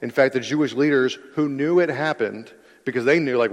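A man's voice: medium pitch, a little fast. A man preaching a sermon in a large church hall, reading scripture and explaining it in a conversational, emphatic way. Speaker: pastor. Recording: long reverb of a large hall.

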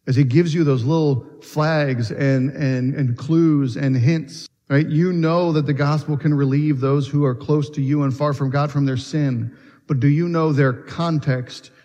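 A pastor preaches earnestly, posing questions and frequently restarting his phrases. His medium-pitched voice has a darkish tone, and the church hall gives it a long reverb.

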